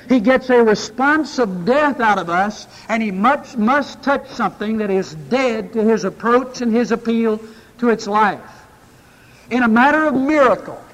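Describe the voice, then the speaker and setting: A man preaching a sermon, reading scripture and then telling an illustration story with dramatic pauses. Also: extremely high pitch. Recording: long hall reverb.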